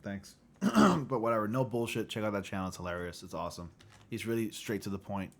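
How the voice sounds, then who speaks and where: A man hosting a casual livestream chat, loose and profane, who often clears his throat. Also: on the low side, expressive, quick pace. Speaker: livestream host.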